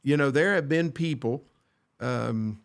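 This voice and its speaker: A man's voice: medium pitch, takes it slowly, creaky. A man co-hosting a church podcast, talking earnestly about friendship and quoting scripture, with frequent restarts. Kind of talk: casual faith discussion.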